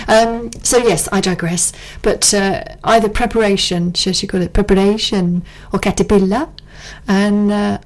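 A middle-aged woman from England talks in a relaxed, rambling way, stopping for ums and side remarks. Her voice sits a little low. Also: poor audio. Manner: chatty, rambling, lots of ums and asides. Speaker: guest. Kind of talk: casual chat.

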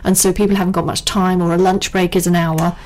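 Chatty middle-aged woman, lower voice. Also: level tone, quick pace, a little mellow, a little hiss or hum, rough recording. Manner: chatty, rambling, lots of ums and asides. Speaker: guest. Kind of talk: casual chat.

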